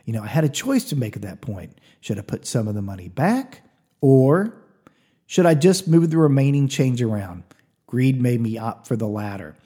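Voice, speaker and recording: A podcast host with a husky, dark-toned, medium-pitched voice tells a comic story in a chatty manner, confiding asides to the listener along the way.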